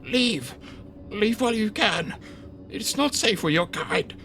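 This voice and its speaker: A man's voice: high-pitched, animated, slow, pushed and bright, pitched above the performer's own voice, full character voice. A man voicing a small, frightened male mouse creature who stammers and pleads anxiously. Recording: noisy background.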